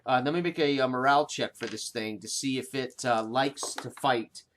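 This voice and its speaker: A man runs a tabletop game as game master, describing the scene at a middling pitch. He hesitates a lot, restarting phrases and filling gaps with "uh." He slows down to stress key moments. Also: fairly bright tone, a little hiss or hum. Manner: hesitant, many fillers and restarts, slows for emphasis.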